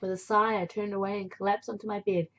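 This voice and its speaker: A woman reading a visual novel aloud as narrator, with chatty, playful asides and a breathy voice. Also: mid-range voice, flat delivery, fast, a bit bright, highs cut off. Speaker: game narrator and player.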